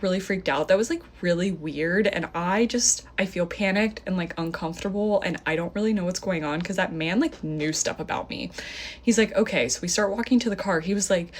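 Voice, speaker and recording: A young woman telling a story in a casual phone-video style, animated, with lots of filler "like" and a voice that jumps high whenever she quotes someone. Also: brisk.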